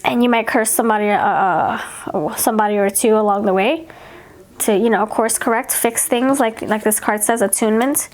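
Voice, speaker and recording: A woman's voice: fairly high pitch, moderate pace. A woman giving a pick-a-card tarot reading, chatting casually, repeating herself and reading card messages aloud. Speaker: tarot reader.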